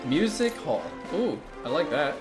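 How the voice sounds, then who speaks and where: A man giving casual, chatty commentary over a city-building game, turning gleeful and loud when something delights him. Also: fairly high pitch, a little slow, over music. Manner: chatty, excitable, bursts into gleeful shouting. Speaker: gaming YouTuber.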